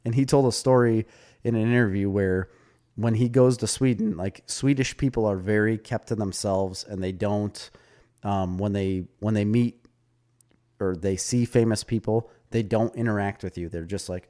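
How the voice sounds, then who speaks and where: A man's voice: lowish voice, moderate pace. A man co-hosting a podcast, chatting casually and acting out quotes as he retells a story. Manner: animated storyteller, acts out quotes. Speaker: podcast co-host. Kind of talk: casual chat.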